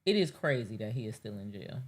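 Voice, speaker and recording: Low-voiced woman riffing casually on a live show. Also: brisk. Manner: rambling, profane, animated asides with acted quotes. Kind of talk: casual live-stream monologue.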